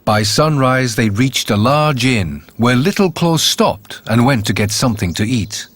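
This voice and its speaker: A man narrating a fairytale in an expressive, animated reading. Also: medium pitch, unhurried. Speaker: storyteller. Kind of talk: storybook narration. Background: faint music.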